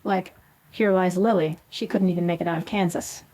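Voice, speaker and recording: A woman's voice: fairly low pitch, steady tone, normal speed, warm tone, low-quality recording. A woman co-hosting a scripted podcast, giving sassy, dramatic reactions. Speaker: co-host.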